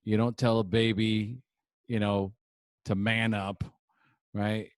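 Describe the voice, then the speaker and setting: A man's voice: fairly low pitch, flat delivery, slow pace, no echo. A man hosting a podcast interview, reflective and repeating his points for emphasis. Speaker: podcast host. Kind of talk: interview conversation.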